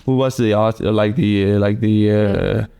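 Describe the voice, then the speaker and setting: A man's voice: fairly low pitch, fairly even intonation, moderate pace, gravelly, dark tone, clean tone. A young adult man from Denmark with a Danish accent, a musician talking eagerly in an interview, often fumbling for the right English word. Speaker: musician, duo member. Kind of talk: casual interview chat.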